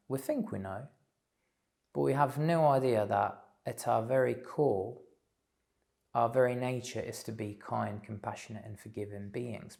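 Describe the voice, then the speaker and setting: A man giving a slow, thoughtful spiritual talk, pausing often with fillers. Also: mid-range voice, creaky, a little mellow. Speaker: spiritual teacher. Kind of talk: reflective solo talk.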